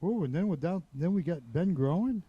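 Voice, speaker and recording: A man's voice: high voice, animated, moderate pace, slightly rough, dry recording, highs cut off. Hyped-up male co-commentator. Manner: hyping, teasing banter with his co-host. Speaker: sports co-commentator. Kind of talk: live sports commentary.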